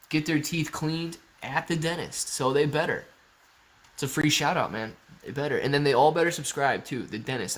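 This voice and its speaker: A man with a somewhat high-pitched voice hosts a relaxed livestream. He reads out viewer comments and answers them in an easygoing, rambling way, often restarting his sentences. He keeps calling his viewers guys and bro. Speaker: livestream host. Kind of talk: casual livestream chat reading viewer comments.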